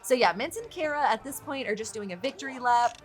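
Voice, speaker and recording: A woman giving chatty, excitable let's play commentary on her game, swearing freely as she goes. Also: a little high, a little fast, soft background music. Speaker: gaming YouTuber.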